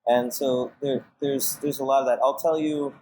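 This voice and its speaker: A man's voice: medium pitch, little pitch movement, normal speed, warm tone, rough recording. A man with a mid-range voice chats loosely as a podcast guest. He rambles and restarts, stacks up fillers, and acts out his own reactions with some animation. Faint noise sits under the recording. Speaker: podcast guest, casting director and manager. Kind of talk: casual conversational interview.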